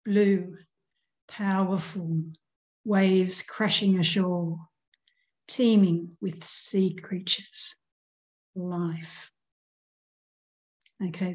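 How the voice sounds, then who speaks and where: A woman's voice: on the low side, mellow, low-quality recording. A middle-aged woman teacher giving a recorded grammar lesson, patiently walking through examples and counting out syllables.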